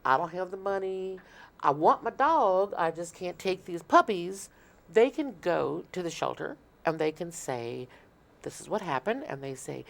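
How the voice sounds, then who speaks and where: A woman speaks as a guest in a casual interview, in a slightly low voice. She explains earnestly and at length, often restarting her sentences as she goes. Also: big pitch swings, a little slow, gravelly. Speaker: shelter marketing manager, guest.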